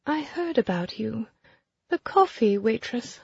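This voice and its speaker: A woman voicing a cold, spiteful society woman with a delicate voice that stays gentle while she threatens. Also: fairly high pitch, big pitch swings, a little slow, creaky, slightly rough, no echo, dull audio, voice pushed up, heavily acted. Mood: sneering. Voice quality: delicate, sweetly menacing.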